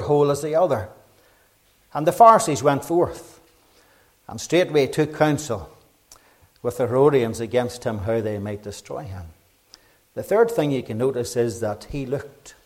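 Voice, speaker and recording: A middle-aged man with a Northern Irish accent preaching a gospel sermon, fervent and urgent, rising loud then dropping low. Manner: fervent, urgent preaching with rises and quiet drops.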